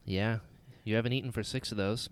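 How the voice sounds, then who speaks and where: A man's voice: fairly low pitch, fairly even intonation, fairly quick, clean tone, no echo. A man co-hosting a podcast in casual chat, tired and joking with a wry, laugh-prone manner. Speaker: podcast co-host.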